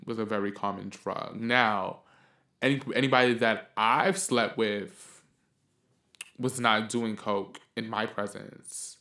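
Man, podcast host, casual monologue, blunt, profane, heated rant, roomy echo. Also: mid-range voice. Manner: blunt, profane, heated ranting that flares up loud.

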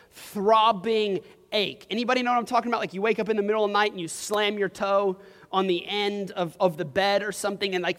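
A man's voice: high voice, a bit bright. A young man preaching a sermon to a congregation, telling a personal story casually with lots of "like" and "um.". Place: church hall. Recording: long reverb of a hall.

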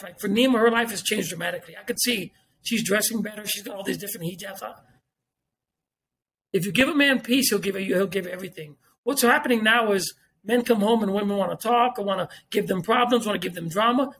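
A man's voice: high-pitched, a bit bright. A man, talking as a podcast guest in casual chat, emphatic, repeating himself and swearing freely.

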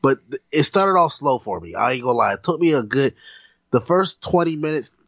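A man's voice: mid-range voice, sing-song, a little fast, fairly bright tone, slightly rough, no room sound. A man co-hosting a casual movie review chat, talking in a laid-back, plainspoken way over a dull lo-fi line. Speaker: co-host.

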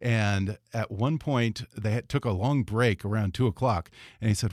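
A man hosting an interview, easygoing, laughing often and agreeing with quick yeahs. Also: fairly low pitch, no echo, studio quality. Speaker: interview host. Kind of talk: casual interview chat.

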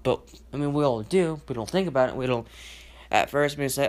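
A man's voice: mid-range voice, a little fast. A man talks alone into his podcast mic, venting his feelings in long, rambling stretches. He stumbles, restarts and leans on fillers as he works through what's bothering him. His voice sits in an ordinary middle range. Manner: emotional and venting. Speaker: podcast host. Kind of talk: solo podcast monologue.

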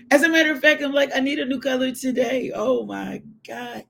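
A woman's voice: a little high, a little fast, vocal fry, slight background noise. A woman hosting a morning devotional show, chatting casually and laughing with her live viewers. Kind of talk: casual chat.

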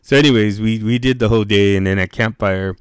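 A man with a lowish voice spins a profane, slangy story, pushing his pitch up whenever he quotes someone. The sound is close and dry with no room around it. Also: steady tone, fast, smooth, no echo. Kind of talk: casual storytelling.

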